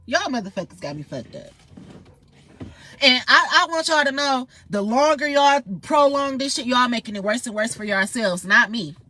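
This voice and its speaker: A woman's voice: on the high side, animated, moderate pace, pushed and bright. A woman ranting in a heated, profane, confrontational monologue straight to her viewers. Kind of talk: angry monologue vlog.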